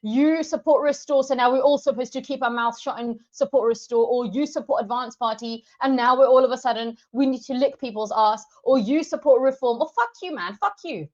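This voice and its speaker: On a livestream, a mother of two unloads on her viewers in a furious, profanity-heavy rant aimed straight at them. She speaks a little fast with few pauses, in a high, slightly mellow voice, over slightly dull lo-fi stream audio.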